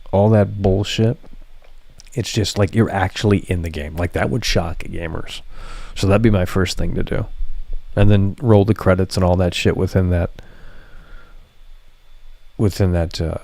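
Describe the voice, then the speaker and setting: A man's voice: low voice, creaky, a little mellow, dry recording. A man streaming live, chatting casually to his viewers, rambling and swearing freely. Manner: profane, rambling, talks to chat. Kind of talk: casual livestream chat.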